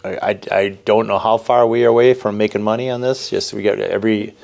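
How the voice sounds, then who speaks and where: A man with a low, gravelly voice chats on a church podcast in a loose, rambling way. He is a pastor who jokes easily, and he fills his sentences with "you know" as he goes. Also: fairly even intonation, fast talker, a little mellow. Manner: rambling and joking, lots of "you know" fillers. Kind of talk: casual conversational podcast chat.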